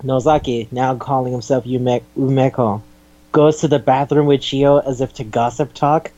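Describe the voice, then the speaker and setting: A man chatting casually on a podcast, retelling scenes with swearing and quick impressions of the characters. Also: mid-range voice, no echo, lo-fi sound. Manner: animated retelling with acted quotes, swears and laughs. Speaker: podcast host. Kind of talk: casual chat recapping an anime.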